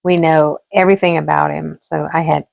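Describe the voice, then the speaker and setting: A middle-aged woman with a low, gravelly voice tells a long story in relaxed home-vlog chat. She rambles warmly through quoted dialogue, recorded close and dry. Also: brisk, no room sound. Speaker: craft vlogger. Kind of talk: casual storytelling while crafting.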